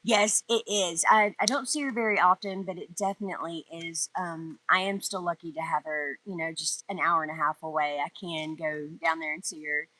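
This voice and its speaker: Bright-voiced chatty woman. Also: fairly low pitch, fairly even intonation, normal speed, rough recording. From North Georgia, US. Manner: chatty and rambling, laughs often. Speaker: tarot reader. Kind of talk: casual live tarot reading. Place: outdoors in the wind.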